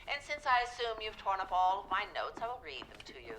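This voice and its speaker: A woman's voice: mid-range voice, very animated, brisk, noisy background, lightly acted. An actress playing a haughty, formal older mother who speaks in a clipped, imperious way in a TV comedy-drama. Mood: icy.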